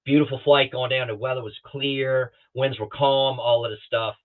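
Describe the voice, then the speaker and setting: A man's voice: mid-range voice, normal speed. Middle-aged man telling stories over a thin, phone-like line. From Southeastern United States. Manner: lively storyteller who acts out other people's lines. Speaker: guest pilot. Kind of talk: storytelling in a podcast interview. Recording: thin phone-like remote call audio.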